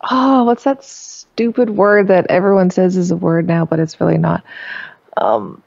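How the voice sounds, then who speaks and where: A woman who is a singer, guesting on a podcast and telling lively stories with frequent laughter. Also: on the low side, unhurried, gravelly, dry recording, lo-fi sound. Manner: lively storyteller, laughs often. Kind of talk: casual chat.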